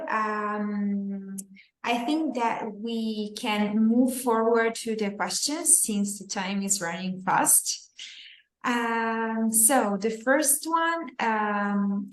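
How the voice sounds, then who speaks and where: A woman moderating a webinar, thanking speakers and moving on to questions in a polite manner. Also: medium pitch. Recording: echoey room.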